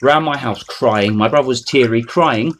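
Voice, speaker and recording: A man's voice: mid-range voice, moderate pace, a bit bright, slight background noise. A man, ranting to camera in a rambling, foul-mouthed, mocking way. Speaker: vlogger. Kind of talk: unscripted rant to camera.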